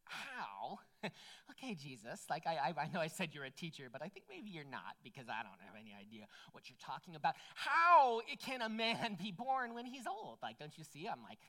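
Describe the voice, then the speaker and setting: A woman's voice: low voice, wildly swooping pitch, moderate pace, a bit bright, exaggerated voice. A woman playing a fawning, puzzled old scholar. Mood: baffled. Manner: fawning, then puzzled and rambling. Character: flattering, baffled respected older male scholar.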